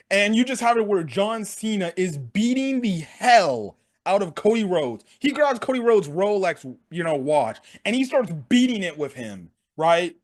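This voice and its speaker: Young man, slangy casual recap, very animated pitch, laughs often. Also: moderate pace. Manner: excitable, slangy, laughs a lot, acts out quotes. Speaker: sports commentary vlogger.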